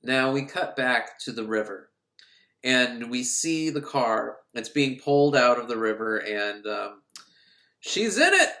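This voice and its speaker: A film reviewer gives a casual, sarcastic recap of a movie, animatedly acting out scenes as he goes. He has a mid-range voice and an unhurried pace, and the recording has a roomy echo.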